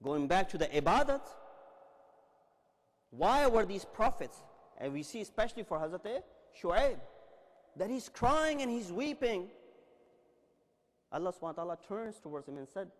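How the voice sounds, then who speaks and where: Male preacher, high voice with wide swings, dramatic storyteller, big reverberant hall. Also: very animated, moderate pace, pauses often. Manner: dramatic storytelling, acting out quoted dialogue. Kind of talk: religious lecture. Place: large Islamic center hall. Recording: long reverb in a large hall.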